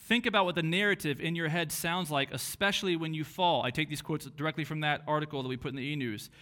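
A man with a fairly high voice delivers a sermon in an earnest, questioning way. He asks his listeners one question after another and sometimes slips into a mocking inner voice to make his point. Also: fairly even intonation, quick pace, sharp tone. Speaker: pastor.

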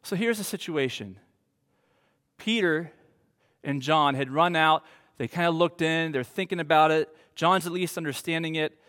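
Male pastor, high-pitched, slow earnest sermon delivery, long hall reverb. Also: fairly bright tone. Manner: earnest, slow preaching with emphatic pauses.

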